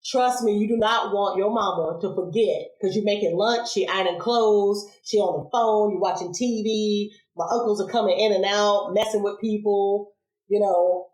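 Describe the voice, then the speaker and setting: A woman in her forties, a podcast guest, telling childhood stories in a casual interview, animated, laughing and acting out voices. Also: mid-range voice, moderate pace. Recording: roomy echo.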